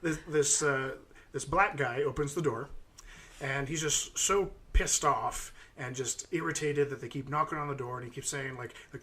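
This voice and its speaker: Bright-voiced man telling a rambling story. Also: medium pitch, moderate pace, a little hiss or hum. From United States. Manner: rambling storytelling with many fillers. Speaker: podcast co-host. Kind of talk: casual chat.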